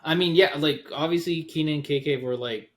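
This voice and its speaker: A man's voice: a little high, a little fast. A young man in a casual chat, laid-back and swearing casually.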